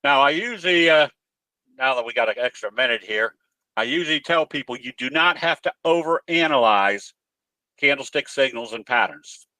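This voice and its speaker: A man's voice: medium pitch, expressive, normal speed, sharp tone, no room sound. A man presenting candlestick trading analysis in an online webinar from his home office, explaining in a folksy way and telling jokes. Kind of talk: webinar teaching talk.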